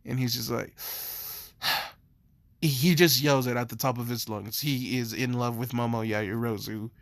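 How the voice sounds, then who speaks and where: A man's voice: medium pitch, fairly even intonation, a little slow, fairly bright tone, dry recording. Rambling young man telling a story. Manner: rambling, filler-heavy. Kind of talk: casual fan-story narration.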